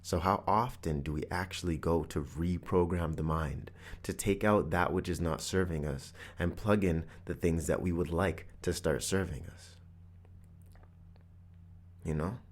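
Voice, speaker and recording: A man's voice: low voice, measured pace. A man hosting a podcast, telling a personal story in an earnest, reflective motivational monologue. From Canada. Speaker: podcast host.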